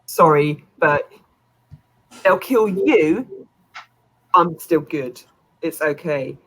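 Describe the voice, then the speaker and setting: A woman's voice: low-pitched, drawn-out words, fairly bright tone, slight background noise, heavily acted, poor audio. A woman voicing a smug male researcher who talks in a breezy, self-satisfied way.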